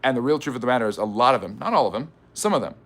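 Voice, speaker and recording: A man's voice: medium pitch, expressive, racing, a bit bright. A man hosting a live history stream, reading viewer questions aloud and answering them in a chatty way. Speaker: history channel host.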